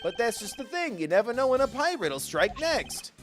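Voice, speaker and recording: A man's voice: extremely high pitch, fairly quick, faint music behind, voice pushed up, full character voice. A man voicing an eager, playful young female thief in a video game. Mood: upbeat. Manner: excitable and bouncy.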